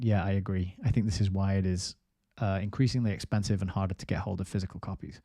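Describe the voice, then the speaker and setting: Man, livestream host, low voice, mellow tone, dry close sound, rambling chat. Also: brisk, few pauses, no echo. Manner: rambling, reads viewer comments aloud. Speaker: host of a book review livestream. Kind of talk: casual live-stream chat.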